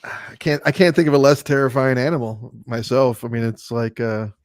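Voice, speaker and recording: A man hosting a podcast in casual movie review chat, animated and sarcastic, laughing often. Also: mid-range voice, normal speed, no room sound, clean studio sound. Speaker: podcast host.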